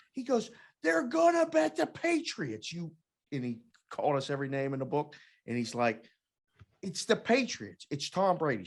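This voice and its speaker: A man co-hosting a sports betting podcast, talking casually and telling stories with animated energy. He acts out the people he quotes with lively jumps in voice. The pitch sits in an ordinary middle range. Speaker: podcast co-host, former sportsbook oddsmaker. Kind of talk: casual chat, storytelling.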